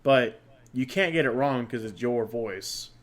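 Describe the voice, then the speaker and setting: An American man hosts a casual podcast at an easy, middling pitch. He talks in a loose, chatty way, trails off mid-thought and laughs often. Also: animated, measured pace. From United States. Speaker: podcast host.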